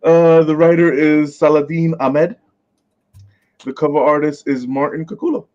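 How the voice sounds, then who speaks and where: Male podcast co-host, mid-pitch, laughs through a comics rundown, slightly muffled lo-fi mic. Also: normal speed. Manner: stumbles over names, laughs often. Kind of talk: casual podcast chat.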